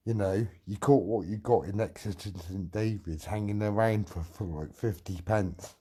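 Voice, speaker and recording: Middle-aged man, livestream rant, threatening, swearing, lowish mellow voice. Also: normal speed, few pauses. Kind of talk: angry livestream rant answering chat.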